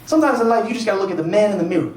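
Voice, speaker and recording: A man voicing a smooth-talking man who gives dating advice in repeated catchphrases. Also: sits high, expressive, rapid-fire, a little mellow, reverberant, recorded from a distance, slight background noise, voice pushed up. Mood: preachy. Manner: sing-song, repeats catchphrases.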